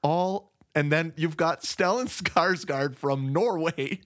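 A man's voice: fairly high pitch, slow. A man co-hosting a podcast in casual chat, chatty and jokey, explaining his theories at length. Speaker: podcast co-host.

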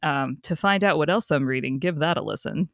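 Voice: mid-range voice, fairly quick, gravelly, no echo, clean studio sound. A podcast co-host in casual chat, chatty and given to frequent laughs and fillers.

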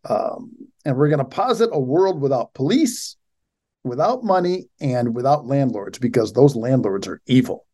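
A man's voice: mid-range voice, animated, moderate pace, warm tone. A man hosting a show, reading out a news article and mocking it with sarcastic commentary. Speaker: show host.

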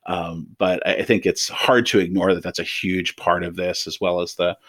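Deep-voiced man explaining, dry sound. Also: little pitch movement, a bit bright, no echo. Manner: thoughtful, measured, frequent ums and restarts. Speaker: threat assessment expert guest. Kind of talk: interview answers, explaining.

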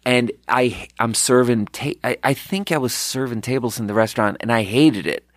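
Man, casual storytelling, rambling, profane, mid-pitched voice, dry close sound. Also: moderate pace, dry recording. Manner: rambling, profane, with restarts and quoted dialogue. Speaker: podcast host, restaurant manager.

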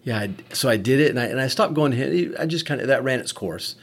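A man's voice: medium pitch, expressive, fast talker. A man, a medic and podcast host, telling a candid story in casual conversation with frequent swearing.

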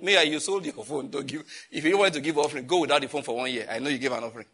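Pastor guy preaching, kinda husky, jumps around in pitch, scolds then jokes. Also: fast talker, sharp tone. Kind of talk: sermon.

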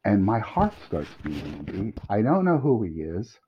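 A middle-aged man telling a long anecdote as a podcast guest, animated and quick to laugh. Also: fairly low pitch, slight background noise. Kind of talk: storytelling anecdote. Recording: dull lo-fi audio.

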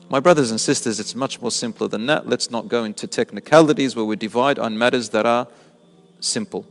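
A man's voice: medium pitch, fairly quick, in a large hall, faint music behind. A man giving a religious talk, explaining step by step with rhetorical questions he answers himself. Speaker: Islamic preacher. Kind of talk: sermon.

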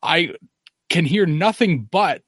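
A man's voice: fairly high pitch, lively intonation, slow pace, a bit bright, husky, no room sound, clean studio sound. A man hosting a podcast in casual chat, rambling and opinionated. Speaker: podcast host.

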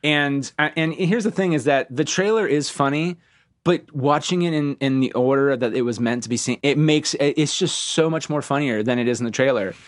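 Animated, swearing man hosting a podcast. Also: mid-range voice, a little fast. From Ohio, US. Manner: animated, swearing, acts out movie lines. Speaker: podcast host. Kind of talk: casual podcast chat.

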